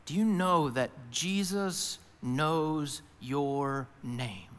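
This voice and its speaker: A male pastor preaching a sermon, who moves between hushed, intimate lines and loud, emphatic ones and often speaks in the first person as the people he describes. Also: fairly high pitch, very slow, clean tone. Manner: voices Jesus and worried listeners in first person. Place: church auditorium. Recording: long hall reverb.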